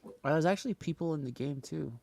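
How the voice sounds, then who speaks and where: A man co-hosting a casual podcast chat, joking and laughing often in quick bursts. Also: fairly high pitch, vocal fry, darkish tone, no room sound. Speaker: podcast co-host.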